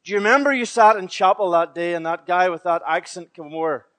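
Preacher playing God, man, high-ish voice, confiding, matter-of-fact. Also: brisk, a bit bright. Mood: dismissive. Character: God, male, revising scripture, dismissive.

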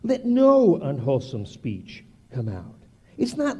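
Older male pastor, preaching sermon, lively rising and falling pitch, dark mellow tone. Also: slow pace, husky. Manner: animated preaching with playful asides.

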